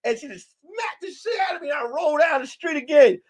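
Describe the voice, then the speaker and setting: A man hosting a comedy podcast, telling a rowdy story, shouting, swearing and acting out the voices. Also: extremely high pitch, lively intonation, a little fast. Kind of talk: animated comic storytelling.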